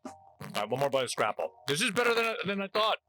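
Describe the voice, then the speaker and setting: A man's voice: a little high, very animated, fairly quick, pushed and bright, poor audio. A man from New Jersey hosting a casual food-tasting vlog, chatty and wry as he jokes between bites. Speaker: host.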